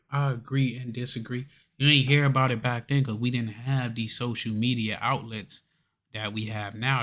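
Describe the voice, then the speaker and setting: A male co-host in loose, casual conversation. He talks in a laid-back, slangy way and wanders from point to point, with a voice of middling pitch. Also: sharp tone. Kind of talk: casual chat.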